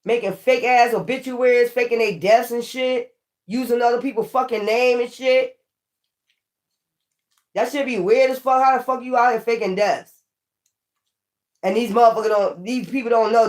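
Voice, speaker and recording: A woman's voice: on the high side, steady tone, moderate pace, a little mellow. A woman giving a casual tarot reading, blunt and profane, who warns the viewer and repeats her points for emphasis. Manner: warning the viewer, repeating herself. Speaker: tarot reader.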